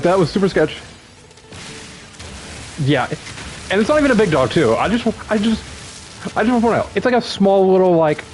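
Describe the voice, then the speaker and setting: A young American man tells a story on his stream, rambling and full of fillers. His pitch leaps around animatedly as he gets into it. Faint music plays behind him. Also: darkish tone, low-quality recording. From United States.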